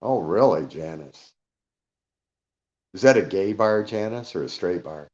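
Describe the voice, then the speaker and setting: Low-voiced man chatting on a lo-fi live panel. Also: lively intonation, measured pace, a little mellow. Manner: rambling, greets listeners by name, checks he caused no offence. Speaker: guest speaker on a live audio panel. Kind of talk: casual live chat.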